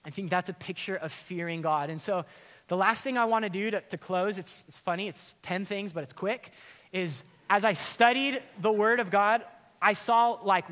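A man preaching a sermon as a pastor, casual and animated, with many fillers and restarts. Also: high-pitched, long reverb tail.

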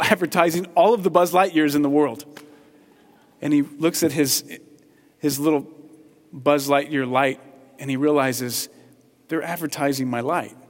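A male pastor preaches with passion, his slightly higher voice dropping to hushed tenderness and then rising to excited emphasis. A long reverb trails every phrase, as in a large church. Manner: passionate, swings from hushed to loud. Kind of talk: sermon.

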